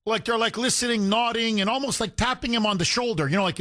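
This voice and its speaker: A man's voice: high voice, quick pace, few pauses, a bit bright, no room sound, studio quality. A man hosting a talk radio show, giving emphatic, indignant commentary and mimicking the people he talks about.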